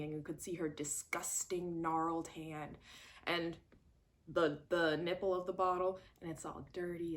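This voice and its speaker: A woman with a lowish voice talks casually through a horror movie. She is animated and expressive and jumps into quoted voices to act out scenes. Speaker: movie reviewer. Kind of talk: casual chat.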